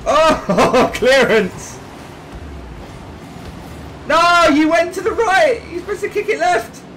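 A man commentating his own gameplay excitedly, yelping, swearing and shouting at each play. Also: very high voice, takes it slowly, noisy background. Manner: excitable, yelps and shouts at plays, swears, laughs often.

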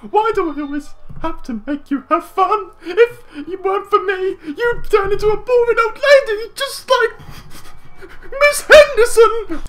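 A squeaky excited little boy. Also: unhurried. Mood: teasing. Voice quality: squeaky falsetto. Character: excitable young boy, eager believer.

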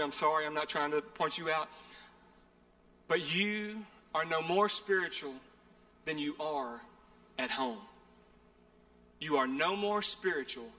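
A pastor with a slightly high, pushed, bright voice preaches a sermon in an earnest, conversational way, often repeating phrases. The church sanctuary gives it a long hall reverb.

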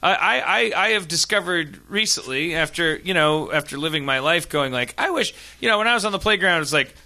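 A man's voice: on the high side, animated, brisk, bright, forceful tone. A man hosting a live comedy podcast, rambling through a profane, self-mocking monologue. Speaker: podcast host. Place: live show stage.

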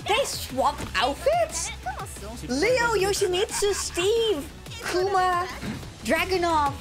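A woman with a hoarse voice gushing excitedly as she reacts to a game trailer, with lots of exclamations and repeated outbursts. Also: extremely high pitch, slow pace, music in the background. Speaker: gaming reaction vlogger.

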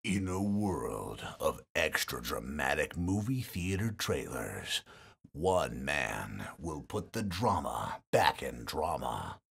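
A man voicing an over-dramatic movie trailer narrator, deep and drawn out. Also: very animated, slow, vocal fry, fairly bright tone, breathy edge, heavily acted.

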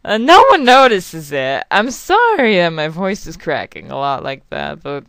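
A woman's voice: on the low side, very animated, unhurried, fairly bright tone, clear, resonant tone, no room sound. A young woman rambling and swearing through casual let's play commentary as a game channel host, apologizing often.

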